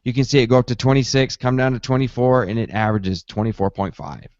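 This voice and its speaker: A man hosting a casual tech podcast who tells his story in a lively way and acts out his own reactions. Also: mid-range voice, fast, no echo. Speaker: podcast host. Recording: dull, slightly lo-fi dry sound.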